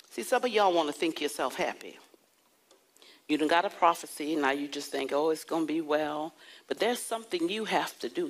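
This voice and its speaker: Husky-voiced woman preaching a sermon. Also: deep voice, low-quality recording. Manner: call-and-response preaching, dramatic slowed emphasis, acts out anecdotes. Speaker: prophetess preaching.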